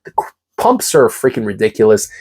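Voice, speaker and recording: A man's voice: fairly low pitch, very animated, fairly quick, creaky, darkish tone, breathy edge. A man, congested and getting over a cough, enthusiastically reviewing and ranking pre-workout supplements in a casual talk to camera. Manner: enthusiastic, hype-driven, repeats key words.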